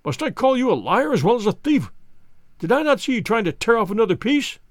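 A man's voice: very high-pitched, big pitch swings, fairly quick, dry recording, voice pushed up, heavily acted. Brief: male reader as an outraged elderly banker, storybook voice, dry sound. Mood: enraged. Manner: outraged, shouting accusations. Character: distraught, furious old banker father.

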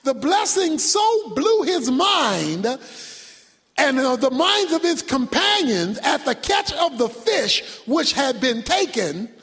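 A male pastor preaching a sermon, emphatic, swinging from shouted points to quiet low asides. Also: big pitch swings, slow pace. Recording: long reverb from a large hall.

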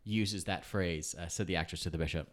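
A man's voice: sits low, fairly even intonation, a little fast. A man chatting casually on a podcast, rambling with lots of "like" and "you know.". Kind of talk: casual chat.

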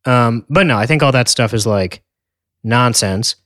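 A man's voice: medium pitch, measured pace, fairly bright tone, dry recording, clean studio sound. A man co-hosting a podcast in casual chat, with wry, joking asides. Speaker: podcast co-host.

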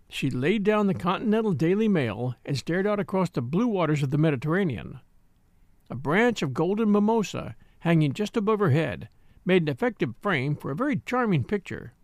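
A man narrating a novel as an audiobook reader, in an expressive storytelling manner. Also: a little high, moderate pace, no echo. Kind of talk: scripted narration.

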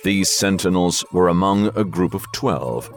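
A man narrating a martial arts novel as an audiobook in an expressive storytelling manner. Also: low-pitched, unhurried.

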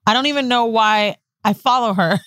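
A woman's voice: on the high side, normal speed, a bit bright, smooth, no room sound, studio quality. Blunt, crude young woman co-host. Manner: blunt, crude, laughing banter. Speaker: podcast co-host. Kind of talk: casual chat.

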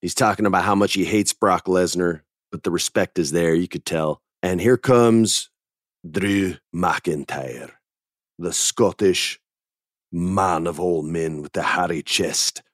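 A man with a very low voice hosts a casual podcast chat. He tells long stories in a laid-back way, throwing in dude and man. The sound is dry and close. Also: takes it slowly, no echo. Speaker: podcast host.

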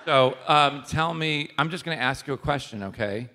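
Bright, animated laughing man. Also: on the high side, moderate pace, slight background noise. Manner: animated storyteller, laughs often, swears. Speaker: podcast host. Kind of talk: casual interview chat.

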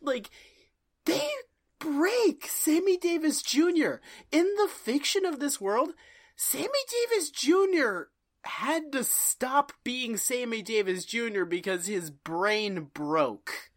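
Wry woman with a lively voice. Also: fairly high pitch, takes it slowly. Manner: wry, profane, acts out quotes in melodramatic voices. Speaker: podcast co-host. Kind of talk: casual comedic episode recap.

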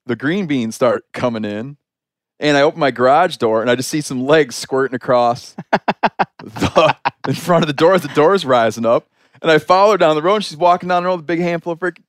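A man hosting a podcast, spinning a story in a lively, chatty way with plenty of "like" fillers. His voice sits at an ordinary middle pitch and is recorded close on a studio mic in a dry, dead room. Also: no room sound. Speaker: podcast host. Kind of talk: casual storytelling conversation.

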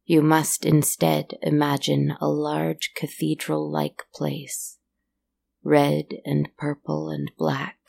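A woman narrating a fairy-tale-like story in a calm, slow, measured way, with a creaky voice. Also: low-pitched.

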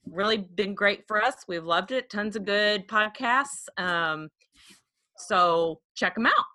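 An excitable woman hosts a casual podcast, chatting and joking with her guests. Her voice is bright and forward, heard up close on a dry microphone. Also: medium pitch, slow, dry recording. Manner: bubbly, excitable, teasing. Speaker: podcast host.

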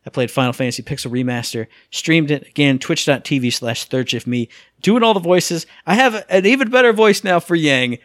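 Chatting casually about video games, a male podcast co-host acts out sound effects and voices with lots of energy. He speaks a little fast in a higher voice, and the studio-quality recording has no room sound.

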